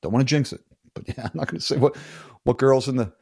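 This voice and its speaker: A man's voice: medium pitch, fast, gravelly, darkish tone, breathy edge, no echo, clean studio sound. A man in his sixties from the United States, a guest in a casual interview, telling stories bluntly and profanely with rambling restarts. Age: 60s.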